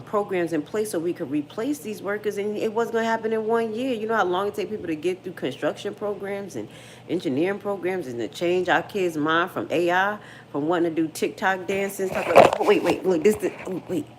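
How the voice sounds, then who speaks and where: Middle-aged woman, deep voice, casual livestream chat, blunt slang, faint noise behind. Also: a little fast. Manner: frank, slangy, talks straight to viewers. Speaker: livestream host. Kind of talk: casual livestream chat reading viewer comments.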